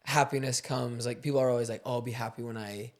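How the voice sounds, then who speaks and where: A man's voice: medium pitch, steady tone, fast. A man hosting a casual conversation, sharing his views in an earnest, reflective way and often saying "like.". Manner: earnest, reflective, says "like" a lot.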